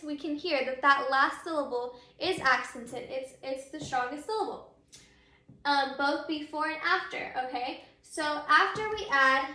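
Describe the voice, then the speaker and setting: A high, bright-voiced woman teaches grammar to her students. She is patient and says each example word slowly and more than once. Her voice echoes in the room. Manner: patient, repeats and models words slowly. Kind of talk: grammar lesson.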